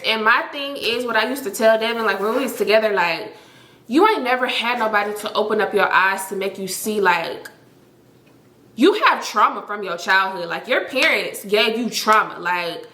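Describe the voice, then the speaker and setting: A young woman telling a story in a casual, animated, slangy vlog, talking fast with lots of fillers. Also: a little high, reverberant. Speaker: storytime vlogger.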